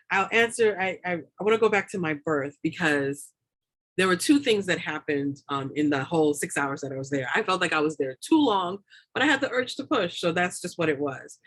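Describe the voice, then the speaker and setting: A woman doula talking as a guest in a casual interview, rambling with many fillers and repeated words, often laughing. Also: on the low side. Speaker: doula and lactation consultant, guest.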